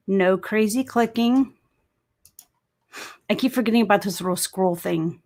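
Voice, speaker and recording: A woman with a sore throat hosts a casual live stream into a desk microphone, chatting and greeting viewers by reading their comments aloud. Her mid-range voice stays steady and unhurried, with long pauses.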